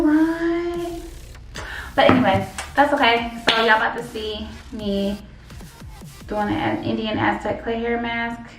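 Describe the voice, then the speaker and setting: Slow-talking woman vlogger, echoey room. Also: fairly high pitch, far from the mic. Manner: chatty, addresses viewers as y'all. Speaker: beauty vlogger. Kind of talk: casual hair tutorial vlog. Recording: echoey room with faint music.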